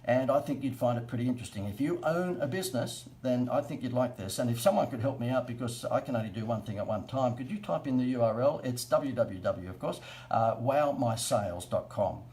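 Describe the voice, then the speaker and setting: A man's voice: medium pitch, animated, brisk, hardly any pauses, a little mellow, low-quality recording. An Australian man hosting a casual live stream, coaching businesses on marketing in a chatty, joking, self-mocking way.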